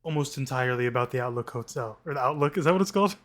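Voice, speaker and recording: A man's voice: medium pitch, very fast. A man co-hosting a movie podcast, ranting casually with lots of restarts. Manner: ranting, animated, frequent restarts. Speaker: podcast co-host.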